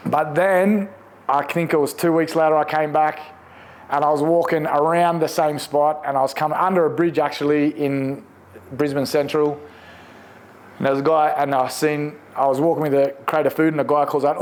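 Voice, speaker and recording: A man with an Australian accent, in his forties, telling his faith testimony casually, animated and slangy, laughing often. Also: fairly high pitch, brisk. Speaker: guest sharing testimony.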